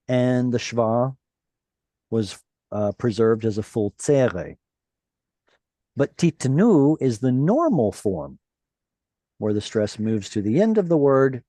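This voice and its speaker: A man's voice: mid-range voice, warm tone, no room sound. A man teaching a Hebrew reading class over a video call, patient and encouraging, explaining step by step.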